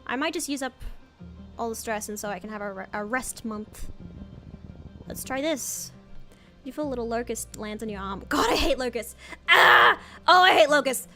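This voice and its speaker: A woman streamer reading a story game aloud, excitable, with squeals and dramatic reactions. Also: a little high.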